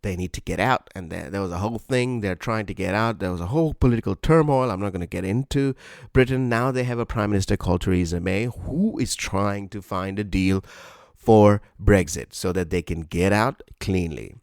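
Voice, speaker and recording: A man's voice: fairly low pitch, a little fast, creaky, a little mellow, no echo, clean studio sound. A man hosting a podcast, chatting casually through the news in a rambling way with sarcastic asides. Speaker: podcast host.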